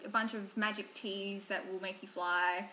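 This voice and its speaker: A woman, co-hosting a casual podcast chat from a couch, easygoing and teasing, quick to giggle. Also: mid-range voice, flat delivery, sharp tone, low-quality recording. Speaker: podcast co-host. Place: living room, seated on a couch.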